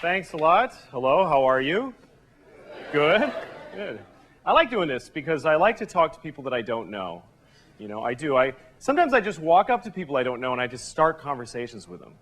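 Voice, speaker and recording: A man performing a deadpan, conversational stand-up routine on a television studio stage. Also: a little high, a little fast. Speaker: stand-up comedian. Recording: live studio audience laughing. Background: audience laughter and room noise.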